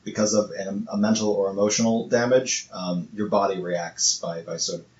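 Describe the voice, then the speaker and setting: A man's voice: lowish voice, steady tone, moderate pace, a little mellow. A man co-hosting a casual podcast, stumbling over repeated words as he reads testimonies aloud. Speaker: podcast co-host. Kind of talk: casual chat. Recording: echoey room, muffled lo-fi sound, faint hiss.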